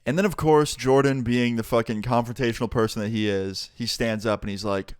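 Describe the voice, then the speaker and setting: A young man tells a storytime vlog in a casual, animated way and swears freely. His voice is smooth and clear at a mid pitch. It is recorded close and dry, with no room echo. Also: brisk, hardly any pauses. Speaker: vlogger.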